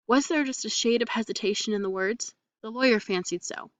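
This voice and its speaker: A woman reading a mystery story aloud in a steady, even storytelling manner. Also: fairly high pitch, brisk, no echo, distant mic. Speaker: audiobook reader.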